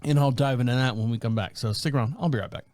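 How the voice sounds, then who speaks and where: A man's voice: mid-range voice, fast, no echo, clean studio sound. A man in his fifties hosting a podcast, telling comedic stories in a casual, rambling way and laughing often. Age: 50s. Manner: animated, laughs often, acts out voices. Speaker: podcast host. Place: small rural town.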